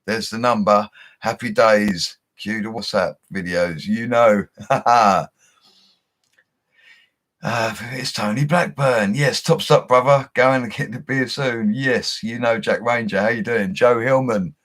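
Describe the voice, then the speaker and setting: Reading out viewer comments with relaxed slang, a young man who works as a bricklayer hosts a casual livestream. He talks at a measured pace in a fairly low, fairly bright voice from a home setup he calls his studio.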